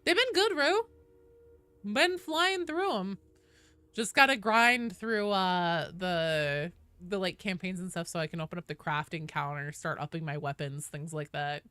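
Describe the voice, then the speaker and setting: A woman's voice: on the low side, measured pace, a bit bright, clean tone, dry recording. A woman chatting casually with viewers and teammates while streaming a game, swearing, cheering and thanking followers.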